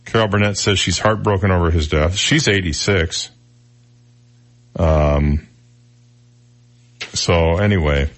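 Guy w a lowish voice hosting radio talk, chatty, news w side comments. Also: slow pace, pauses often. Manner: conversational, reads news items with asides. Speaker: radio talk show host.

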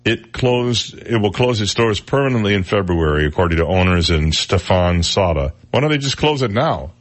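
A man's voice: on the low side, animated. A man hosting a casual radio talk show, telling odd news stories with jokey asides. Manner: chatty storyteller, jokey asides, quick impressions. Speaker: radio host.

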